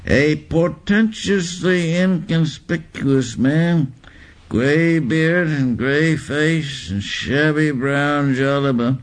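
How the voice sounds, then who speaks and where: A man reading literary prose aloud in a deliberate, deadpan recital. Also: on the high side. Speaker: reader.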